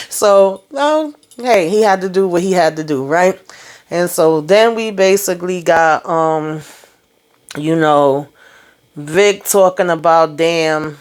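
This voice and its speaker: A woman's voice: on the low side, slow, long pauses. A woman giving a casual, slangy spoken recap of a TV episode, retelling scenes and acting out the lines with frequent laughs. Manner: animated slangy retelling, acts out quotes, laughs often. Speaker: TV recap reviewer.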